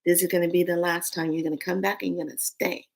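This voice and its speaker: A woman quoting a gentle, fatherly older man in her own near-natural voice, softly reassuring. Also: lowish voice, little pitch movement, quick pace, vocal fry. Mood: tender.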